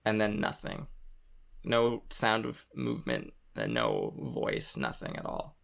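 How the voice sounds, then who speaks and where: Gravelly game master narrating. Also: male voice, very deep voice, big pitch swings, a bit bright. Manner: halting, full of ums and likes.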